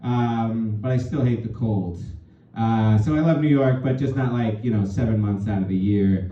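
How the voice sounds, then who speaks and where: A man's voice: on the low side, moderate pace, warm tone. A man from California doing a rambling, self-deprecating stand-up set full of fillers. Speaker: stand-up comedian. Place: small comedy club. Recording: roomy, distant, dull club recording. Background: audience laughter.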